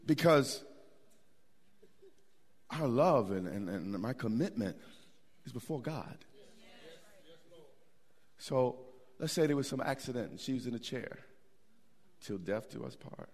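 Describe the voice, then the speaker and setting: Lively, animated preacher man. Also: mid-range voice, unhurried, pauses often. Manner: animated preaching with repetitions and asides to the congregation. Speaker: pastor. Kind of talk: sermon.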